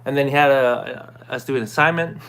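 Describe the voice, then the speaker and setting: A man talks straight to his viewers in a relaxed, unscripted way as he sums up a self-help course. He keeps checking in with "right?" and "okay?" and clears his throat now and then. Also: medium pitch, a little fast. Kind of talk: casual talking-to-camera recap.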